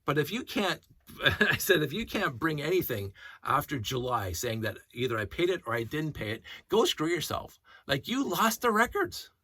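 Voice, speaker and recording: A man vlogging in a casual, rambling storytelling rant, animated and indignant as he retells events. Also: fairly high pitch, moderate pace, slightly rough, no room sound.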